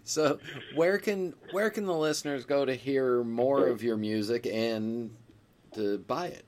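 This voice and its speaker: A man's voice: mid-range voice, measured pace, darkish tone. A man hosting a podcast, asking short questions and dropping in brief replies. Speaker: podcast host. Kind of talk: interview questions.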